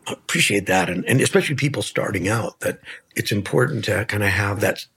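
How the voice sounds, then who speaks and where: Brief: man, very raspy gravelly voice, thoughtful halting talk. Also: lowish voice, animated, fairly bright tone. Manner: slow, searching, halting phrasing. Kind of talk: casual chat.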